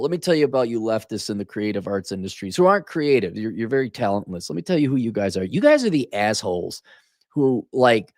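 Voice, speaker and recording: A man's voice: medium pitch, dry recording. Man, podcast host, tired, sarcastic rant, profane, dry close sound. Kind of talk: casual solo podcast rant.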